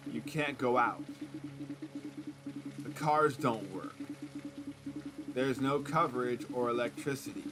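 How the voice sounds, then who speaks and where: Brief: man voicing a jumpy, defensive stranded man, insistent, slow-paced lines. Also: mid-range voice, background noise, close to an everyday voice. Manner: agitated, insistent. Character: panicked, defensive adult man trapped in fog.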